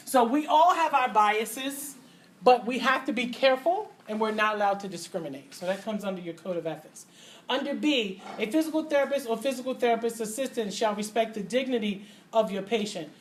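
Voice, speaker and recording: A middle-aged woman teaching a physical therapy class, lively and joking, acting out little voices and asides as she lectures. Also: a little high, moderate pace. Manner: animated, acts out voices and asides, laughs often. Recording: faint background noise.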